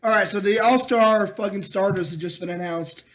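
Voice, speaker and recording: A man's voice: high voice, normal speed. A young man, a podcast co-host, ranting in casual, profane sports chat, mocking and chanting names in a sing-song.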